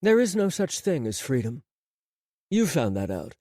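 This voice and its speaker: A man voicing a smooth-spoken, fatalistic former lover turned spy, calm and unhurried, in an audiobook reading. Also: medium pitch, no room sound, studio quality. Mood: cool, wistful. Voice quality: smooth, accentless.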